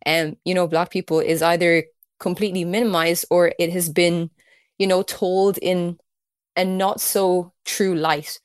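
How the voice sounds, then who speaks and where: A woman's voice: lowish voice, flat delivery, measured pace, no echo, clean studio sound. A woman hosting a podcast interview, affirming her guest and thinking aloud, often repeating words as she searches for the next one. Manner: warmly affirming, thoughtful, repeats words while searching for them. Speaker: podcast host. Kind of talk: casual interview chat.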